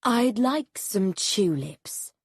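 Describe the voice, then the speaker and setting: Lady reading a gentle farm wife, soft and slow, kinda husky. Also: mid-range voice, lively intonation, no echo, exaggerated voice. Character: sad, gentle farm wife longing for a child.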